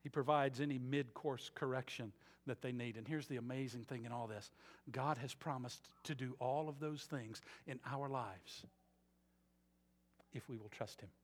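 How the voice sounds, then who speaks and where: A man preaching a sermon as a pastor, moving between quiet earnest passages and loud emphatic ones. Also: medium pitch, fairly even intonation, normal speed, long reverb tail. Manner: dynamic preaching, swings from soft to loud emphatic.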